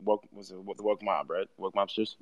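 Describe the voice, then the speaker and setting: A man's voice: deep voice, steady tone, measured pace, highs cut off. A man hosting a loose chat show, rambling and swearing between impressions. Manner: rambling, swears a lot, laughs easily. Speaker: host.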